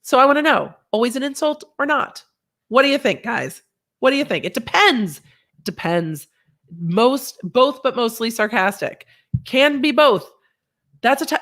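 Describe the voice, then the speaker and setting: A woman hosting a casual livestream, chatty and reading viewer comments aloud, a bit unwell with a sinus infection. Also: fairly high pitch. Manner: chatty, animated, reads chat aloud. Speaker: livestream host.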